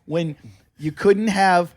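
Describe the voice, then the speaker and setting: Podcast host comedian, slightly high voice, animated storyteller. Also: male voice, slow pace. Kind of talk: casual chat, storytelling.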